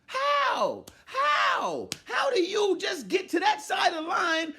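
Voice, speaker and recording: A man in a loud, exasperated commentary rant, often shouting and mocking what others said. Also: very high voice, normal speed. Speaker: commentary vlogger.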